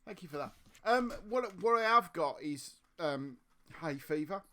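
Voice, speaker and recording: A man hosting a loose live stream chat, his voice hoarse and scratchy from a sore throat. He rambles with plenty of restarts, and his pitch swings up and down a great deal. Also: lively intonation, a little slow, bright, forceful tone. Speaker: podcast host.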